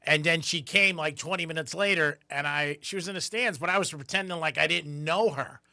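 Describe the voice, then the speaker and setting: A man's voice: fairly high pitch, a little fast, gravelly, dry recording, clean studio sound. A man co-hosting a radio show, telling family stories casually and acting out the people he quotes in a raised voice. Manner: animated storyteller, acts out quotes in a raised voice.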